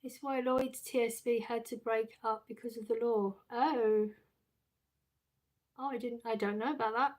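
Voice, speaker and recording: A woman's voice: fairly high pitch, steady tone, moderate pace. A middle-aged woman hosting a casual live stream, chatting with her viewers, reading out their messages and laughing often. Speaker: livestream host reading chat. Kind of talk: casual chat.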